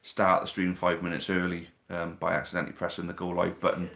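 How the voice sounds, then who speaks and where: Male host, slightly low voice, casual banter with viewers, phone mic at home. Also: monotone, quick pace, creaky, fairly bright tone. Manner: chatty, reads out viewer questions, teasing banter. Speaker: live stream host. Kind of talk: casual live stream chat. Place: living room at home. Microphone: phone on a tripod.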